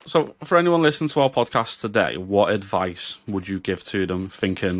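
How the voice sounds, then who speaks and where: A man's voice: lowish voice, normal speed, hardly any pauses, no echo. A man hosting a podcast, asking friendly, chatty questions. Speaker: podcast host. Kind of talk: casual interview hosting.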